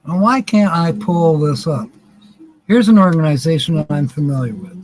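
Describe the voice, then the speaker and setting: A man's voice: a little high, expressive, normal speed, darkish tone, rough recording. A man hosting a live stream, chatting in a rambling, folksy and joking way. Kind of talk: casual live stream chat.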